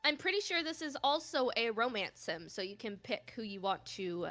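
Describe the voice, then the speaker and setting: A woman's voice: a little high, big pitch swings, moderate pace, bright, forceful tone, soft background music. A woman chatting casually and playfully while co-streaming a game, laughing often. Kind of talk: casual let's-play chat.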